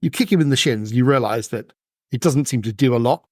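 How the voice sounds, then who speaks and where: A man narrating as game master in a relaxed, chatty way, laughing often. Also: medium pitch, fairly quick, no echo, clean studio sound.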